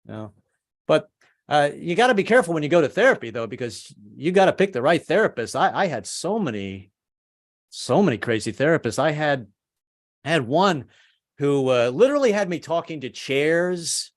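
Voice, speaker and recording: A man in his fifties doing a stand-up comedy set, stammering and self-deprecating, with sudden high put-on voices for other people. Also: sing-song, normal speed.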